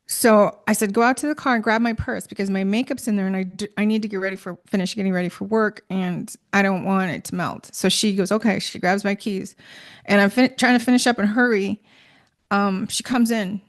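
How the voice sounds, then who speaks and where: Middle-aged woman, casual storyteller, rambling with fillers, mid-range voice. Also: mid-range voice. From Minnesota. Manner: rambling, many fillers and restarts.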